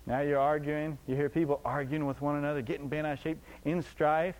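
A man's voice: fairly high pitch, little pitch movement, brisk, a little mellow, rough recording. A man preaching a sermon emphatically, repeating his points and asking the congregation rhetorical questions.

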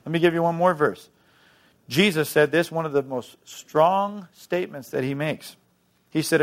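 A man preaching a sermon, emphatic, swinging between loud, rousing lines and hushed, quiet ones. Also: a little high, moderate pace. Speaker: pastor.

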